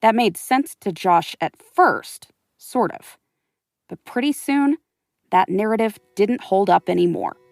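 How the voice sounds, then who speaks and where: A woman's voice: mid-range voice, animated, measured pace, vocal fry, darkish tone, no echo, studio quality. A woman host giving scripted, suspenseful narration of a true story.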